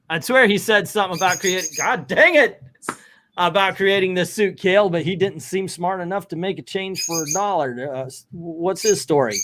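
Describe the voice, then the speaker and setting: Man reading comics aloud, slightly high voice. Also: bright, forceful tone, a little hiss or hum. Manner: reads dialogue aloud with playful voices and laughs. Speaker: comics channel host. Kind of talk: casual comic book read-through.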